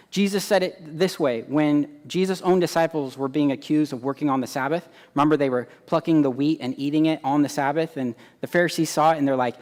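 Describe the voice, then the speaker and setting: A man preaching a sermon, animated, acting out quoted voices and swinging between loud emphasis and hushed asides. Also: on the high side, a little fast, few pauses, long reverb tail. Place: church hall.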